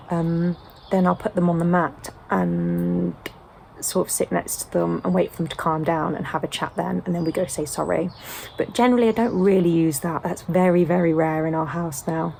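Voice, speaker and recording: Gravelly-voiced British mum chatting casually. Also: female voice, mid-range voice, slight background noise. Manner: chatty, frequent ums, gentle. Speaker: home-educating mum. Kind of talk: sit-down casual chat.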